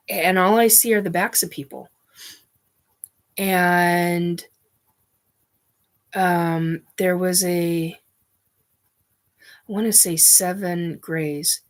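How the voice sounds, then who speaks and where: Woman, lowish voice, unhurried, blunt storytelling, curses, halting. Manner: blunt, swears freely, halting restarts. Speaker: host. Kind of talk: personal storytelling.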